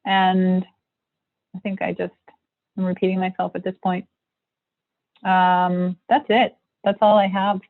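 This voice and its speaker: A woman's voice: lowish voice, level tone, measured pace, long pauses, no room sound. A woman guest presenting a technical topic on a livestream video call, talking in a rambling way with many fillers and restarts. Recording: tinny phone-like line.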